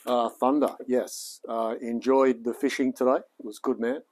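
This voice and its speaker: Chatting casually to his live-stream audience, this Australian home mechanic in his late forties is relaxed, rambling and slangy. His mid-range voice barely shifts in pitch, is slightly mellow and comes at a moderate pace, with a touch of background noise.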